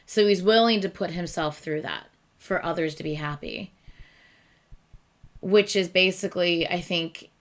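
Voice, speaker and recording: A woman's voice: fairly low pitch, measured pace, pauses often. A woman hosting a reaction video, talking in an earnest, emotional way with lots of restarts and fillers. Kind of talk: casual reaction commentary.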